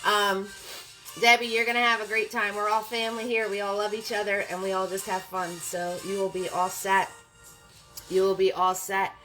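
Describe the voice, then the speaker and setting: Woman, painting class host, bright and upbeat, greets viewers by name, faint music behind. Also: mid-range voice, flat delivery, moderate pace, poor audio. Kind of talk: live-streamed paint party chat.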